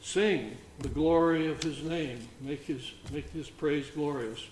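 A man leading an informal Bible study, reading scripture aloud between halting comments. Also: on the high side, a little mellow. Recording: roomy echo, faint background noise.

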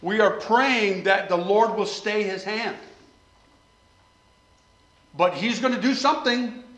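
Male preacher, high-pitched, fervent sermon delivery in a reverberant space. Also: slow pace. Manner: impassioned, swings between loud pleading and quiet asides.

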